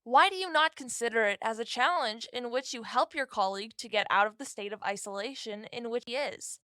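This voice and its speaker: Gentle advising storybook dad, done by a woman, high voice, dry close sound. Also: brisk, no room sound. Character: calm, gentle, wise father.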